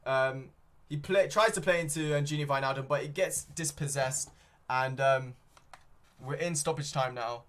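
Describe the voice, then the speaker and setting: A man's voice: medium pitch, normal speed, fairly bright tone. A young man doing live fan play-by-play of a football match, rambling with frequent ums and self-corrections. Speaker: fan streamer commentating a match. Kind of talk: live fan watchalong commentary.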